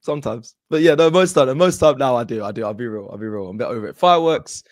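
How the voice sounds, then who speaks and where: Fast-talking man, dry sound. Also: medium pitch, expressive, no room sound. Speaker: co-host. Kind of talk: casual live-stream chat.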